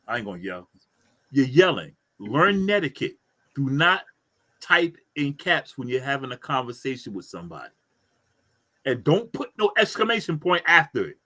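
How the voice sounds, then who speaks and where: A man with a high, bright voice co-hosts a casual talk show. His pitch swings widely as he tells animated stories and acts out his own reactions, mimicking what he says to people. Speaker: co-host. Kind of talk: casual chat.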